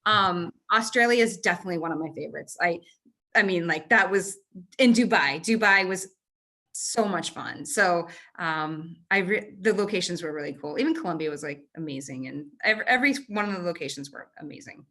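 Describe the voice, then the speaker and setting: A woman in her thirties, a marathon runner, telling stories in an interview on a video call, animated, with quick restarts and fillers. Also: lowish voice. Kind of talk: conversational interview storytelling.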